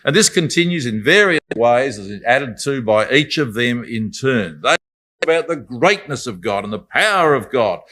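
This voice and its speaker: Brief: male Bible speaker, mid-pitched, conversational and reflective. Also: animated, normal speed, sharp tone. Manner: conversational, reflective, apologetic asides. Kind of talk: Bible study talk.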